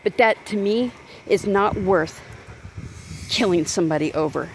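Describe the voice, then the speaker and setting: Gravelly woman vlogger, indignant rambling rant, phone held while walking outdoors, street noise behind. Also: mid-range voice, a little slow. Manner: indignant, rambling, talks with many restarts. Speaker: vlogger and crisis worker. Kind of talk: ranting to camera while walking.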